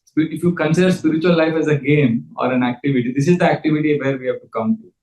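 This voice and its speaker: A man's voice: a little high, quick pace, darkish tone, roomy sound, poor audio. A man giving an earnest scripture lecture and leading the audience in call-and-response chanting. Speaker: spiritual teacher.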